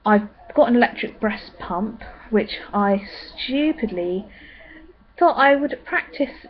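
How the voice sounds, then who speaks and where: A woman's voice: fairly high pitch, lively intonation, takes it slowly. Young woman rambling on with lots of ums, muffled lo-fi sound. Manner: chatty, rambling, many ums. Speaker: vlogger. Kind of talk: casual pregnancy update vlog.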